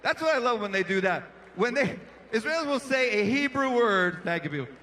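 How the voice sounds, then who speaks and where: A man doing stand-up on an arena stage, his voice pitched high and bright with a sharp edge. He lands jokes with a punchy rhythm and works the crowd between bits, speaking into a handheld mic. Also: animated, brisk, slight background noise. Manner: punchy, playful, riffs with the crowd. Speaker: comedian and emcee. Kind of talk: stand-up comedy set. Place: large indoor arena stage.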